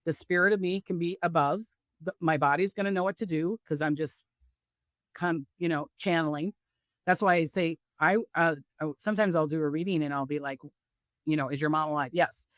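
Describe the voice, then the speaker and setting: A woman's voice: low-pitched, normal speed, no room sound, studio quality. A middle-aged woman, a psychic, talking casually in an interview and acting out the voices of people she quotes. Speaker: psychic medium guest. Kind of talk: casual spiritual interview talk.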